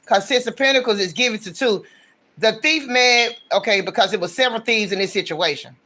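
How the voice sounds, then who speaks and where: A man's voice: high-pitched, fairly quick, sharp tone. A man giving a casual livestream tarot reading, talking in a blunt, slangy, ranting way. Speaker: tarot reader.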